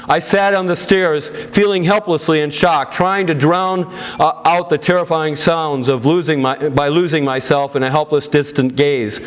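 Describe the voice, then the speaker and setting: A male pastor speaking to an audience and reading a family's account aloud, with earnest, emotional storytelling and plain asides. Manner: earnest, emotional storytelling with loud raised-pitch quotes.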